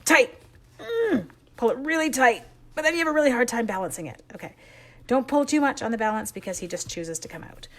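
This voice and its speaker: A woman's voice: a little high, sing-song, fast. A woman from Canada chatting her way through a card-making tutorial, talking as she works and poking fun at her own mistakes. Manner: chatty, self-deprecating, talks while working with her hands. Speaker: stamping and card-making demonstrator. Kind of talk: casual crafting tutorial.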